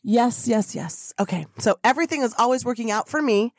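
A woman hosts a spiritual podcast in an effusive, preachy manner, leading her listeners in chanted affirmations. Her voice sits a little high. The sound is dry and close, with no room around it. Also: expressive, a little fast, no echo. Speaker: podcast host. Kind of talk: motivational spiritual podcast talk.

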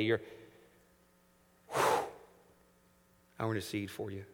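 A male pastor in his thirties delivers an animated sermon with a medium-pitched voice. He drops to a hush and then rises to near shouts, acting out voices along the way. His words ring with a long reverb from the church sanctuary. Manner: animated preaching, swings from hushed to loud, acts out voices.

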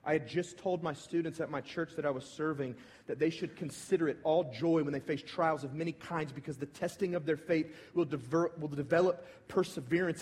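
Man in his thirties, pastor telling a story in a sermon, a touch high-pitched, big reverberant church hall. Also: breathy edge. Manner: personal storytelling, swinging from hushed to emphatic. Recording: long reverb of a large hall.

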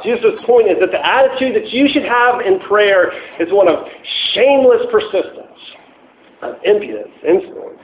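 A man's voice: sits high, a little hiss or hum. A man preaching a casual, conversational sermon, full of fillers and restarts, joking as he goes. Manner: casual, chatty, many fillers and restarts, laughs at own jokes. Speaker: pastor. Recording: echoey room on tinny phone-like line.

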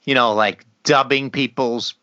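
Swearing, rambling man with a bright voice. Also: medium pitch, steady tone, unhurried, no echo. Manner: profane, rambling, trails off and restarts. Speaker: podcast co-host. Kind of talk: casual chat. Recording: slightly dull lo-fi sound.

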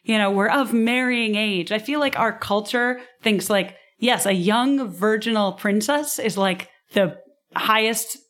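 A woman in casual podcast chat, explaining history in an animated way and laughing often. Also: mid-range voice, measured pace.

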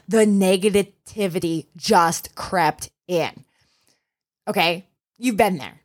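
A woman's voice: fairly low pitch, slow. A young adult woman hosting a solo podcast as a running coach, telling a race story and giving earnest, encouraging advice. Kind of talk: casual solo podcast talk.

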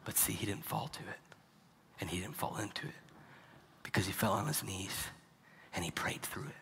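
A male pastor preaching a sermon, dropping to hushed, near-whispered lines and then rising to loud, emphatic preaching. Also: fairly low pitch, normal speed, vocal fry, long reverb tail.

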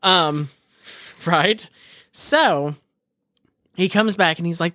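Animated storytelling woman, dry close mic. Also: on the low side, drawn-out words, no room sound. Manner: animated, acts out quoted people. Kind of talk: casual chat, storytelling.

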